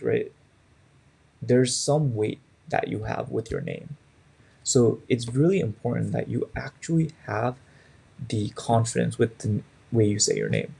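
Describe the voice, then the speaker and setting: A man's voice: medium pitch, gravelly, warm tone, slightly rough. A young man in his twenties teaching a public speaking class in a conversational way, often checking in with "right?". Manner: conversational, frequent "right?" tags.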